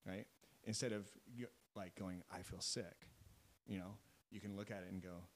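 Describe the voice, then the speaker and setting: A man's voice: sits low, fairly even intonation, moderate pace, a little hiss or hum, low-quality recording. A man speaking as a coaching guest in a podcast conversation, earnest and explanatory, often checking in with his listeners. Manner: earnest, keeps checking in with "right?" and "you know?". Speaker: guest, mental coach for athletes.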